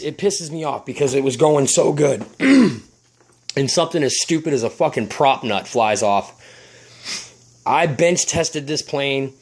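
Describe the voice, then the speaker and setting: A man vlogging about his RC plane, agitated, swearing, and often restarting his sentences indoors at home. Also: mid-range voice. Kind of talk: casual vlog.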